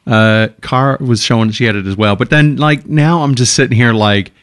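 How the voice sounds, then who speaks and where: A man with a cold chats on a radio show in a middle-pitched voice. He rambles, restarts his sentences and drifts from story to story. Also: normal speed. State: sick with a cold. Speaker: radio co-host. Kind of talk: casual chat.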